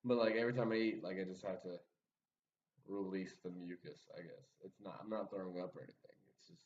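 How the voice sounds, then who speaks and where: A man's voice: deep voice, steady tone, fast talker, a little mellow, slight background noise. A young man telling a story in casual chat, rambling with many fillers and frequent laughter. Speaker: podcast guest storyteller. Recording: muffled sound, distant from the mic.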